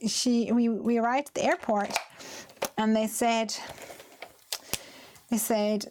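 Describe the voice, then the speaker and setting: This host's voice is on the high side and a little mellow, with a flat, slow delivery and frequent pauses. She chats and tells stories with plenty of laughs while making cards on a live stream, with slight background noise present.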